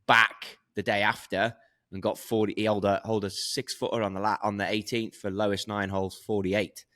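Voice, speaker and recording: A man's voice: fairly low pitch, little pitch movement, moderate pace, sharp tone. A man, co-hosting a podcast and telling golf stories in casual chat, acting out what others said. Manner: storytelling, acts out quotes. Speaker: podcast co-host.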